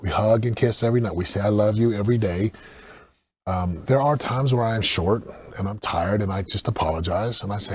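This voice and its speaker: Husky low-voiced man, earnest coach. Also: a little fast. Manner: earnest, animated storytelling with acted-out quotes. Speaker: guest, speaker and coach. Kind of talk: casual podcast conversation.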